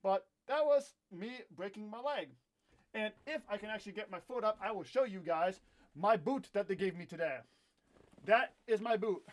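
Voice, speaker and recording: Young man, high voice, casual storytime vlog, candid and ranting, self-deprecating, talking into own camera. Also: expressive, moderate pace. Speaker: vlogger.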